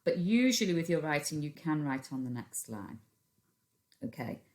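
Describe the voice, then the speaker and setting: A woman's voice: low-pitched, big pitch swings, moderate pace, darkish tone. A woman with a British accent, a primary school teacher giving a recorded phonics lesson to young children, patiently sounding out words into a computer microphone. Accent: British English.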